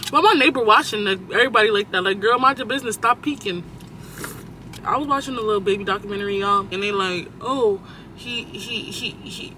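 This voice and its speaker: A young man telling animated, profane stories from inside a car, jumping from topic to topic. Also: high voice, fast talker, very noisy. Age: young adult. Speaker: vlogger. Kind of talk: casual storytime while driving.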